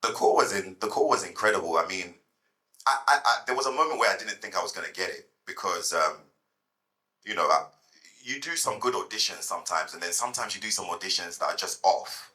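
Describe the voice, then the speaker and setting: A man in his thirties, a guest at a fireside chat, telling lively anecdotes to a live audience and repeating words as he goes. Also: low-pitched, a little fast, poor audio.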